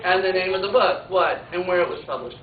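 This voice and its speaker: A woman pre-K teacher reading a picture book aloud to children, an animated storyteller who adds playful asides and moves between loud sound effects and soft narration. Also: fairly low pitch, fairly quick, crowd noise. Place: classroom. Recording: tinny, echoey classroom from far off. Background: loud classroom noise.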